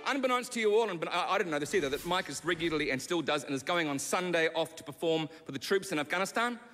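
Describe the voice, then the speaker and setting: A man, hosting a live comedy roast and telling a story in a brisk, playful way. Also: a little high, expressive, sharp tone, faint music behind. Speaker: roast master. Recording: echoing hall, live audience noise.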